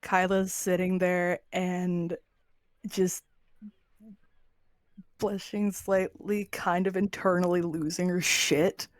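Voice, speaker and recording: A woman player in a tabletop game talks slowly and giggles often, swearing freely. Her voice is recorded dry and close. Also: lowish voice, flat delivery, no echo. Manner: giggly, flustered and profane. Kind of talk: tabletop role-play, casual.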